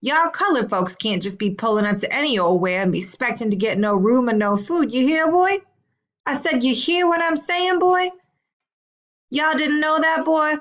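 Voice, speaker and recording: A woman voicing a teasing father who puts on a loud drawling US Southern accent, read aloud from a novel. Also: high voice, normal speed, highs cut off, voice pushed up. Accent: put-on US Southern.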